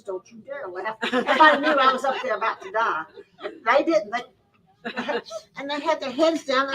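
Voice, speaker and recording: Laughing through her tale in folksy Southern-style talk, a bright, high-voiced sewing teacher entertains a live crowd at a store event. She's far from the mic, and the audio is poor.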